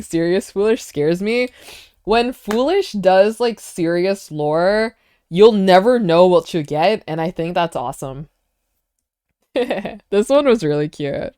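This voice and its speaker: A woman streamer chatting casually while reacting to clips, excitable and quick to laugh and gush. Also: lowish voice, clear, resonant tone, no room sound, clean studio sound.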